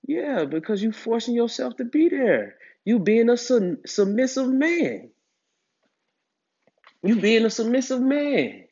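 A man's voice: high-pitched, very animated, normal speed, a little mellow. A man giving dating advice to other men in a casual monologue, emphatic and preachy, with streetwise slang. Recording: dull lo-fi recording.

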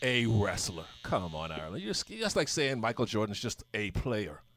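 Lively joking man on sports radio. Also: on the low side, moderate pace, slight background noise. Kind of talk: casual sports radio chat.

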